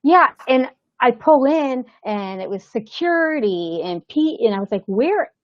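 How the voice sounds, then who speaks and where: Woman actor, interview guest. Casual, animated storyteller who acts out the voices. Mid pitch, dry, slightly lo-fi remote audio. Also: unhurried, no echo. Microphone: remote call setup. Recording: slightly dull lo-fi sound.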